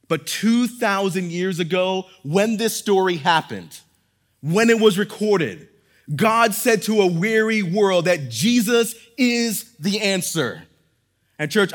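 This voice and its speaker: A man's voice: high voice, a bit bright. A man preaching a sermon as pastor, leading a prayer and then teaching in an earnest, emphatic way with repeated phrases.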